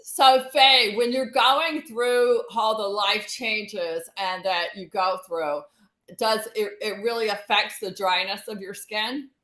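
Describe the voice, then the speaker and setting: A woman's voice: medium pitch, fairly even intonation, slow, a bit bright. Upbeat woman host in an echoey room. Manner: upbeat, laughs easily. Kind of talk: casual interview chat.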